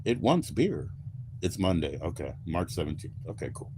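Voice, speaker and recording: An American man talks loosely to his chat, his voice sitting low and easy. He rambles and swears freely in a relaxed, joking way. A faint hiss of noise sits under the recording. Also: normal speed. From United States. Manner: rambling, profane, laid-back banter. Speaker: livestream host. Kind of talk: casual livestream chat.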